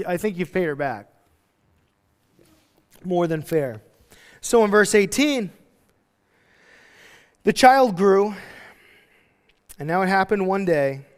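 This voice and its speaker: A man with a high-pitched voice preaches a verse-by-verse sermon, loose and conversational, slipping into little voices for the people he quotes. His words ring out with a long reverb through a church hall. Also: clean tone. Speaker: pastor. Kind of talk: expository sermon.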